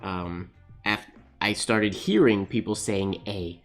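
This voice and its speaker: A man talks casually while he writes on a live stream, thinking aloud, laughing often and answering viewers as they comment. His voice sits a little low. Soft music plays faintly behind him. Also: slow. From Canada. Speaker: calligraphy livestream host.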